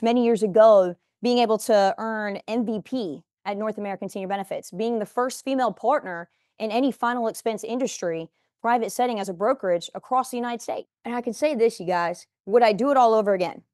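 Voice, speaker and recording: A woman's voice: medium pitch, darkish tone, no echo. A woman in her forties gives a motivational talk in a studio, speaking emphatically and addressing viewers directly.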